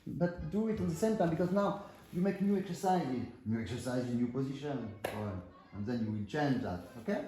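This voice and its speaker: A man's voice: a little high, fairly quick. French-accented male accordion teacher. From France. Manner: counts and sings rhythms aloud, animated. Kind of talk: master class coaching. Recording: echoey room with accordion playing. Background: accordion music.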